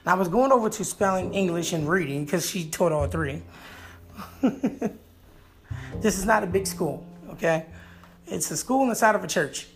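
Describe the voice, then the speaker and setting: Brief: a man spinning a funny personal story, playful and animated, with a gravelly edge. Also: high-pitched, moderate pace, pauses often, soft background music. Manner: animated, playful, jokey delivery.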